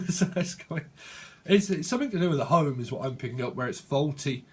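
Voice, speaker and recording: A man's voice: a little high, expressive, fairly quick, slightly rough. A man with a British accent giving a casual tarot reading, rambling playfully and acting out imagined voices full of slang. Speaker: tarot reader.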